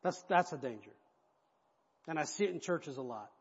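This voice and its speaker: Male pastor, animated sermon, high voice, lively swings, husky, echoey hall, dull lo-fi. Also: normal speed. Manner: animated, conversational preaching with frequent restarts. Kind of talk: expository sermon.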